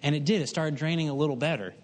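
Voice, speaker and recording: A man's voice: fairly high pitch, racing. A middle-aged man preaching, telling a folksy, self-mocking story with humor. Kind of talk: sermon.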